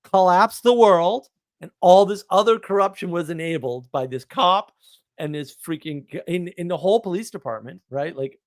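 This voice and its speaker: Animated, indignant New man. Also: a little high, dry recording. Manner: animated, indignant, laughs often, repeats words. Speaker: podcast host. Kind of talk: casual storytelling on a live stream.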